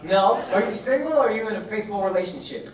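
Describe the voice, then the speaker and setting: A man's voice: sits high, lively intonation, fast talker, distant mic. A male comedian doing crowd work on stage, with brash, profane, teasing banter aimed at the audience. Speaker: stand-up comedian. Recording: roomy club with loud audience laughter. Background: audience laughing.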